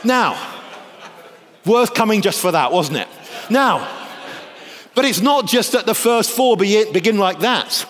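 A man from the north of England, giving a lively academic lecture with jokey asides. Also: high-pitched, unhurried, long pauses, in a large hall.

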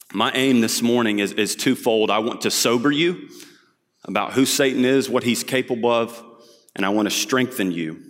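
A man's voice: fairly low pitch, big-room sound. A man preaching a sermon, opening in prayer and then telling stories in an earnest, conversational way with frequent fillers. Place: church sanctuary.

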